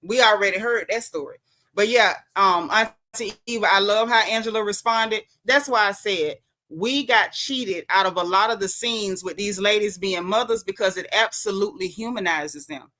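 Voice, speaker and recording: A woman's voice: mid-range voice, normal speed, bright, forceful tone. A woman from the American South with a Southern accent, chatting emphatically through a casual livestream recap as host. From Southern United States. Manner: chatty, emphatic, colloquial with lots of slang. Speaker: host recapping a reality show.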